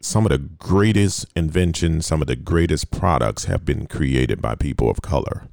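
A man hosting a casual interview, relaxed and conversational, often repeating words as he thinks. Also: extremely low pitch, normal speed, gravelly, dry recording, studio quality. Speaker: podcast host.

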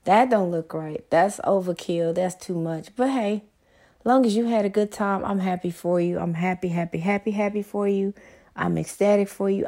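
A middle-aged woman vlogging to her viewers in a blunt, profane, excitable monologue. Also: mid-range voice.

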